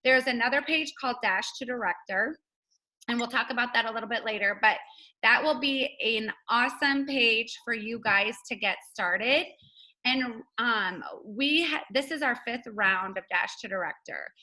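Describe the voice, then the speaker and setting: A woman's voice: a little high, normal speed, bright, forceful tone, low-quality recording. A woman hosting a casual team video call, chatty and upbeat, laughing often.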